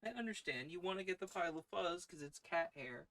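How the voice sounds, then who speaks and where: A man's voice: high voice, a little fast, sharp tone. Playful man chatting to his cats. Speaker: podcast host reading old stories aloud. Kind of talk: casual chat on a live stream.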